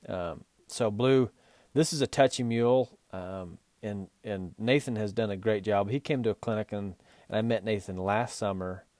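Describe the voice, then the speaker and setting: A man's voice: lowish voice, normal speed, darkish tone, no room sound. A man hosting a podcast, coaching riders in an earnest talk with many restarts. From Utah. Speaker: podcast host and horse and mule trainer.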